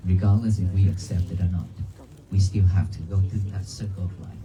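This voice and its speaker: A man speaks as a monk, preaching earnestly to a crowd in plain, simple phrases. His voice sits fairly low. He is recorded outdoors, with clear background noise from the open air. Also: steady tone, a little fast, mellow, poor audio. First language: Vietnamese. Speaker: monk giving a dharma talk. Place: outdoors at a church cemetery.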